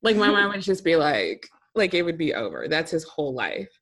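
A woman chatting casually, recapping a reality show as co-host, animated and laughing often. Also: sits low, brisk.

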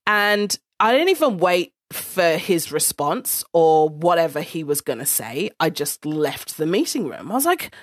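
A blunt, animated woman telling a personal story straight to the listener, swearing freely along the way. Her voice sits low for a woman but swings widely up and down as she talks. The recording is dry and close, with no room sound. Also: a little slow, few pauses, dry recording. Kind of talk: casual storytelling monologue.

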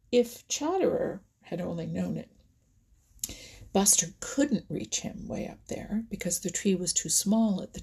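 Woman narrator for a storybook: gentle, mellow and breathy, slipping into whispers. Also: medium pitch. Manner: gentle, often drops to a whisper.

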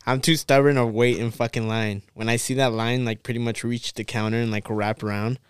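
Laid-back young man, clear voice. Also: medium pitch, flat delivery, brisk, dry recording. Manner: laid-back, rambling, filler-heavy. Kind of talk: casual chat.

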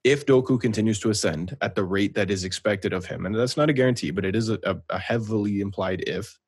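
Man, podcast co-host, casual football talk, husky, dry close sound. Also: lowish voice, fast talker, no echo. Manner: talkative, keeps asking "right?". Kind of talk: casual sports chat.

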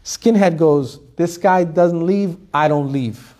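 Male Torah teacher, fairly high voice, lively storyteller who acts out the people in his tales. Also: slow pace. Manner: animated storytelling, acting out the people in his stories.

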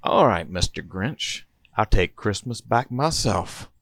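A man reading out the lines of a gruff, commanding middle-aged zombie hunter in a comedy script. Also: fairly low pitch, lively intonation, slow, a bit bright, dry recording, heavily acted. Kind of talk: reading a parody script aloud.

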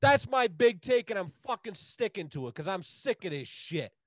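A man guesting on a podcast, ranting loudly and swearing heavily in casual chat. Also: high voice, very animated, normal speed, dry recording. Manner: loud, swearing, heated. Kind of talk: casual profane rant.

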